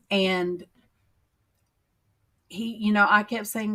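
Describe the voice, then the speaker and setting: Livestream host, woman, unhurried and emotional, middle-pitched, pauses a lot while answering viewers. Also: fairly even intonation, a bit bright. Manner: slow, emotional, heartfelt, many pauses and fillers. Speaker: channel host on a faith livestream. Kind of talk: casual chat, reading viewer comments.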